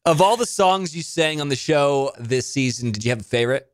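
A man hosting a casual interview, joking and chatty and quick to laugh. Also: medium pitch, expressive. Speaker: host.

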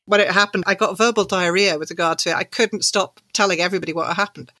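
A woman, an author telling her story as an interview guest, animated and laughing through her anecdotes. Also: fairly low pitch, quick pace, no room sound. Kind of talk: conversational storytelling.

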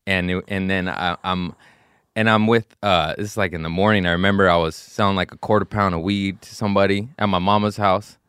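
A low-pitched man on a podcast, talking casually about his past and now and then jumping into shrill, loud impressions of the people in his stories. His voice sits close and dry on the mic, with no room sound. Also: fairly even intonation, a little fast, smooth, no room sound. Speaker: podcast host. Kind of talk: casual storytelling chat.

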